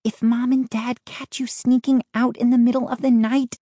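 Woman doing a little worried girl whispering, much higher pitched, dry close sound. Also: flat delivery, normal speed, warm tone, no echo, natural voice. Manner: alarmed whispering. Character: young girl, worried older sister.

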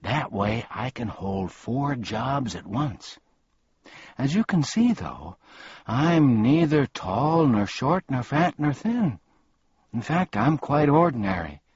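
Pompous, forgetful storybook gent with a husky, lively delivery, voiced by a man, dull, dry recording. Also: medium pitch, slow, pitched above the performer's own voice, exaggerated voice. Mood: cheery, rambling. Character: ordinary grown man, pompous, scatterbrained, cheerful.

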